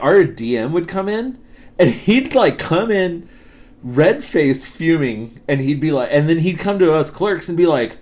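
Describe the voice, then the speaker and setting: A man in his thirties, co-hosting a podcast, telling work stories in a casual, profane, laughing way. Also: fairly high pitch. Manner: profane, laughing, animated storytelling. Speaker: podcast co-host. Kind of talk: casual storytelling chat.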